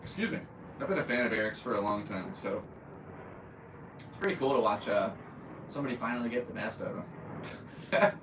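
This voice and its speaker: A rambling, chatty man hosts a casual solo podcast, his voice sitting fairly low. He sounds a little away from the mic, in an echoey room with a faint hiss behind him. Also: normal speed, long pauses, recorded from a distance. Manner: rambling, chatty, with laughs and fillers. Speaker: podcast host.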